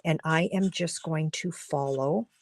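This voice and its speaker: Slow, gravelly-voiced woman teaching a craft class. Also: sits low, darkish tone, dry recording, clean studio sound. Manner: chatty and instructive, talking while coloring, often drops to a murmur. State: losing her voice. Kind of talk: live-streamed craft demonstration. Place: home craft studio.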